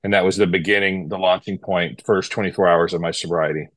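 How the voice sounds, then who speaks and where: A male podcast guest telling his recovery story in a steady, deliberate way. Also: sits low, dry recording. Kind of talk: personal testimony.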